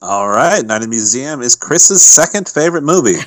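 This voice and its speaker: A man hosting a podcast panel, briskly announcing matchups and tallying votes. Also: medium pitch, lively intonation, fairly bright tone, no echo, poor audio. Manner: brisk, moderating. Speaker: podcast host and moderator. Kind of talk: casual chat.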